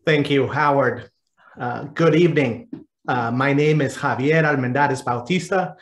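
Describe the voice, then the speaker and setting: A man's voice: medium pitch, a little slow, reverberant. A man who is a priest, reading scripture and addressing a community assembly in a solemn, rhythmic way. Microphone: video call.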